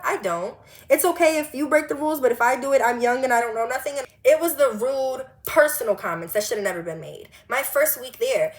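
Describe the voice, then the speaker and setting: A woman of twenty telling a storytime monologue, animated and blunt, swearing freely and firing off rhetorical questions. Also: a little high, fast talker. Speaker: vlogger.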